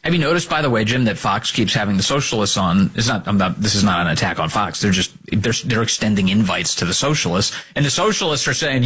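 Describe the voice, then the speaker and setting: A man's voice: mid-range voice, very animated, quick pace, few pauses, a bit bright, slightly rough. A man hosting a political talk radio show, combative and sarcastic, mocking opponents in put-on voices. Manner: sarcastic, combative, swings between mocking voices and emphatic outbursts.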